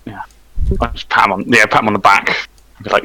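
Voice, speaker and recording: A man with a fairly low, bright voice chats casually as a tabletop player. His manner is easygoing and laid-back, and the sound is close and dry. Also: little pitch movement, normal speed, long pauses, no echo, rough recording. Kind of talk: casual game table talk.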